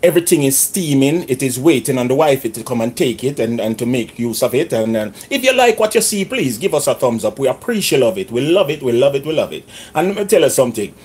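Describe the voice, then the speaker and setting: A man's voice: medium pitch, big pitch swings, fast, hardly any pauses, a little mellow, breathy edge. A middle-aged Jamaican man chatting casually through a home cooking vlog in his kitchen, slipping into patois phrasing. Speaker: cooking vlogger.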